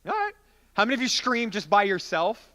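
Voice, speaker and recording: A man's voice: high-pitched, wildly swooping pitch, a little fast, pushed and bright. A man preaching as a youth pastor in an interactive youth group sermon, playful and joking with volunteers.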